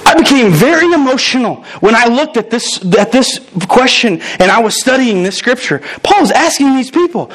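A man in his thirties from the United States, preaching a lively sermon full of quick asides and jokes. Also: extremely high pitch, rough recording. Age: 30s. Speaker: pastor.

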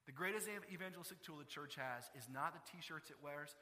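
Male pastor, bright forceful tone, fairly high, preaching with passion in a reverberant church hall. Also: a little fast, hardly any pauses. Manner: impassioned, rising to emphatic peaks then dropping to quiet. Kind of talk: sermon.

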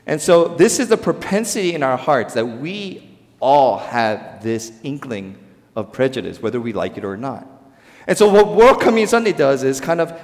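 A Korean-born pastor preaches a sermon with emphatic stresses that drop into quiet, low endings, swinging between loud and soft. He acts out quoted voices in dialogue, and the sound is that of a big room.

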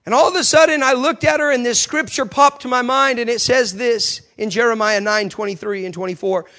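A man's voice: very high-pitched, steady tone, fairly quick, bright, forceful tone. A man preacher telling a story in a sermon, with emphatic, repetitive phrasing.

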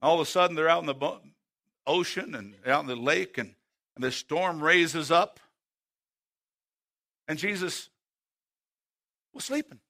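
A man preaching a sermon who swings between loud, emphatic calls and hushed, slow passages, and often asks the congregation direct questions. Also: a little high.

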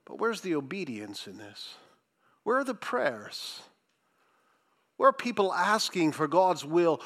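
A man preaching a sermon, reading scripture and commenting with sarcasm, swinging from loud emphasis to hushed asides. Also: fairly high pitch, big pitch swings, measured pace, long pauses.

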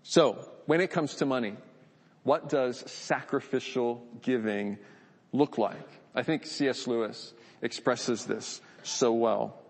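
A man's voice: mid-range voice, takes it slowly, long reverb tail. A man giving a conversational, earnest sermon, often repeating words as he thinks aloud. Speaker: pastor.

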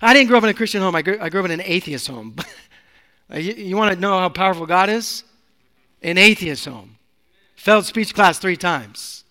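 A male pastor preaching a sermon in a church, emphatic and swinging from loud to hushed. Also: high-pitched, moderate pace, big-room sound.

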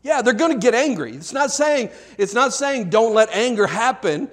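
A man's voice: very high voice, very animated, normal speed. A man preaching a sermon to a congregation, conversational, asking the crowd questions and repeating himself as he builds points. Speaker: pastor. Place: church before a congregation.

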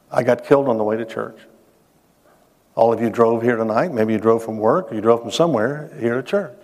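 A man's voice: medium pitch, a little mellow. A man preaching to his congregation in a church, mixing scripture with a personal story, asking the listeners questions and repeating words as he builds to his points. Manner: conversational, addresses the congregation directly with questions; restarts phrases, dramatic pauses. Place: church sanctuary. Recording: reverberant hall sound.

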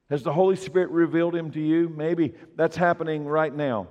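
Brief: male pastor, slightly high voice, emphatic sermon delivery, long reverb of a church hall. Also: steady tone, fairly quick, hardly any pauses. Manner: emphatic preaching, swelling louder on key points. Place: church sanctuary. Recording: dull, echoey church hall recording.

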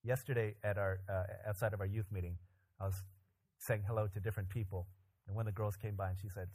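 A pastor preaching a sermon, animated and joking, with loud emphatic climbs in his voice. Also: lowish voice, fast talker.

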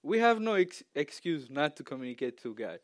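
A man preaching a casual, conversational sermon in a church, chatty and quick to laugh. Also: fairly high pitch, big pitch swings, no echo.

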